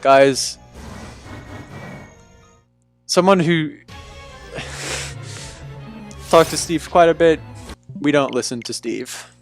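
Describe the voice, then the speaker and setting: Talking extremely slowly with long pauses, a young man whose voice is on the high side streams live from a room at home over soft background music. He's a laid-back, talkative young adult livestreamer who chats casually with viewers and calls them "dude."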